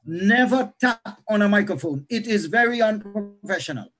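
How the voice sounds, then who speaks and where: Man, pastor teaching a preaching class, husky, a bit high, lively lecture. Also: normal speed, rough recording. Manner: animated teaching, shifting pace and loudness.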